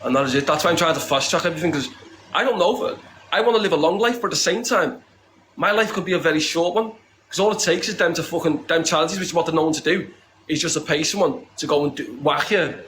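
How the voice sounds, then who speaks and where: A man's voice: fairly high pitch, fast, a bit bright, a little hiss or hum, low-quality recording. A man with a northern English accent speaks bluntly in an interview, swearing often and tagging his sentences with "lad" as he repeats his points with force. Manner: emphatic, repeats himself. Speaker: interviewee, charity campaigner. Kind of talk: impassioned interview talk. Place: secure compound, indoors.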